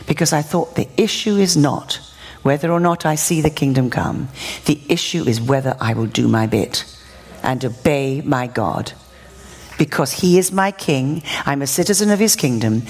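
A woman's voice: rumbling low, slightly rough. A woman preacher telling a funny, self-mocking story in a sermon, often laughing as she talks. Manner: lively, self-mocking, laughs through her stories.

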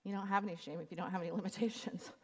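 A woman's voice: on the low side, steady tone, racing, darkish tone. A woman in her fifties giving a sermon, telling a personal story in an earnest, confiding way. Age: 50s. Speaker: speaker.

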